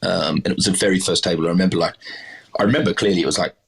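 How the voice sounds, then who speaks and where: Australian chef, middle-aged man, deep slightly husky voice, loose rambling anecdotes. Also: racing. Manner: rambling, many fillers and restarts, self-deprecating. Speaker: chef, podcast guest. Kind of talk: casual interview storytelling.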